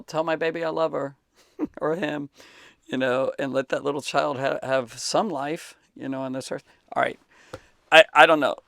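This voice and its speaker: A man giving a Bible teacher's answer in unscripted talk, emphatic and halting, with many fillers and restarts. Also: mid-range voice, vocal fry, fairly bright tone, no echo, studio quality.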